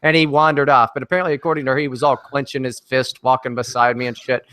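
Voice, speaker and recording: A man on as a guest in a casual podcast chat, telling a story in a brash, profane, animated way. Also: medium pitch, quick pace, smooth, dry recording.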